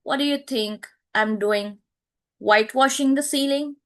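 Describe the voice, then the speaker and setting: Cool sarcastic mother read by a woman, slow, even-toned. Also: sits high, voice pushed up. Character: middle-aged mother, cool, incisive and sarcastic.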